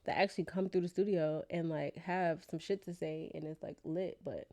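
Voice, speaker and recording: New york lady cohosting a podcast, chatty and lively, slangy talk. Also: deep voice, moderate pace. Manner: chatty, animated storyteller with slang. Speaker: podcast co-host. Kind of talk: casual podcast chat. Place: lives in Atlanta.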